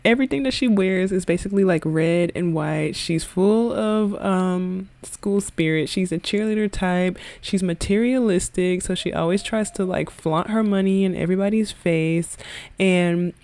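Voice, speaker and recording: A woman's voice: on the low side, moderate pace, darkish tone, no room sound. A woman giving casual let's-play commentary on a life-sim game, chatty, slangy and giggly. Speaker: gaming video creator.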